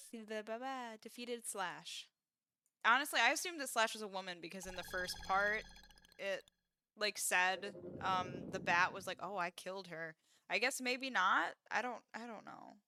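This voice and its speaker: A woman's voice: medium pitch, creaky. A woman streaming a game, chatting casually and swearing freely as she reacts. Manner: chatty, sweary, laughs at herself. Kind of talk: casual let's-play commentary.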